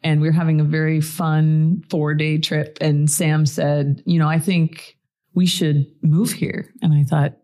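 Relaxed, reflective woman in her forties from Colorado; low, warm delivery as a podcast guest. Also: unhurried. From Colorado, USA. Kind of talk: casual storytelling chat.

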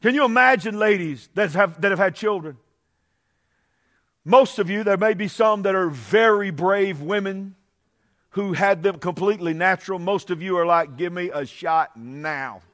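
Middle-aged man, pastor in the pulpit; high voice, chatty asides building into shouted, stretched-out preaching. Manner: swings from conversational asides to shouted, drawn-out preaching. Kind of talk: Pentecostal-style preaching. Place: church sanctuary.

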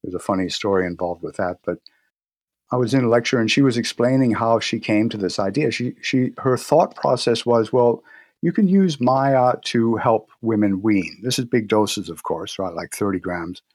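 A man with a fairly low voice talks through his experiences as an interview guest. He is easygoing and anecdotal, often restarting his sentences. The sound is close and dry, with no room echo. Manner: relaxed storytelling, frequent restarts and pauses. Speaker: guest, herbal medicine practitioner. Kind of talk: casual interview talk.

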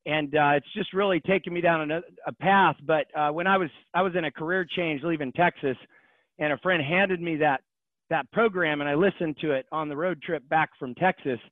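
An earnest man in his forties talks as a podcast guest, pausing with "um" along the way. His voice sits a little high and comes through a tinny, phone-like line. The sound is dry, with no room echo. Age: 40s. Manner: earnest, hesitant with fillers. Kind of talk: casual interview chat.

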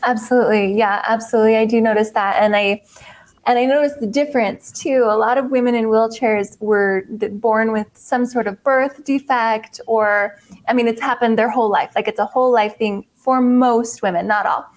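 A woman's voice: fairly high pitch, fairly even intonation, moderate pace. A woman in her thirties, a guest in an interview, speaking candidly and upbeat with trailing restarts. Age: 30s. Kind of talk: casual interview conversation.

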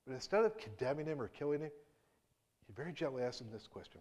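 A man preaching a sermon in a conversational way, with restarts and acted-out quotes, moving between hushed and emphatic. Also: medium pitch, expressive, quick pace.

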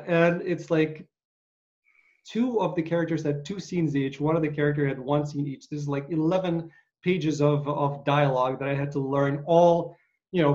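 Dull lo-fi audio carries a man's fairly high, somewhat mellow voice as he hosts an interview. His casual storytelling wanders and hesitates, peppered with frequent uhs.

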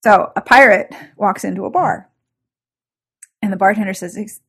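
A woman's voice: medium pitch, moderate pace, long pauses, fairly bright tone, slightly rough. Chatty woman podcast host. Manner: chatty, tells jokes with a rambling build-up. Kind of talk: casual group podcast chat.

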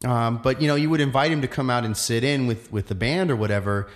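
A man's voice: medium pitch, fast talker. Reflective man musing on performing. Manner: reflective, rambling, many fillers and restarts. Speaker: musician and actor. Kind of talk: casual chat.

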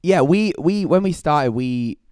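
A man's voice: fairly high pitch, expressive, a little slow, a little mellow, clean tone, dry recording, studio quality. A British man, a youth pastor guest on a podcast, telling stories in a jokey way and laughing often. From United Kingdom. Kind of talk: podcast conversation.

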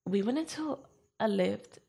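Gravelly woman retelling a tough night. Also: medium pitch, unhurried. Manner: animated retelling, acting out her own quotes. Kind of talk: casual storytelling chat.

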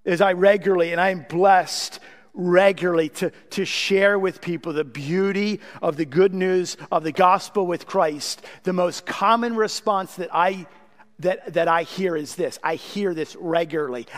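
A man preaching a sermon as pastor, emphatic, often asking the congregation a rhetorical "what?". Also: high-pitched. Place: church sanctuary. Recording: long reverb from a large church hall.

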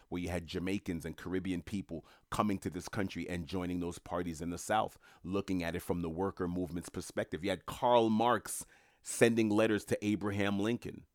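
Low-voiced man musing to his viewers. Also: no room sound, studio quality. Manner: rambling, musing, mocking asides with laughs. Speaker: commentator. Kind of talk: casual monologue to viewers.

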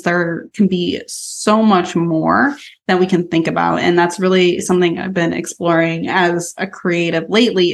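A woman co-hosting a podcast as a brand photographer, talking in a relaxed, loose way with laughs and lots of "like". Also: fairly low pitch, creaky. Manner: relaxed, laughs often, fillers like "like". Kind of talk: casual podcast chat.

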